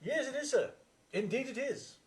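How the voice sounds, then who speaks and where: A man playing a deadpan stage assistant. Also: extremely high pitch, moderate pace. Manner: deadpan, matter-of-fact replies. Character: deadpan male assistant with odd backstory. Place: live theatre stage.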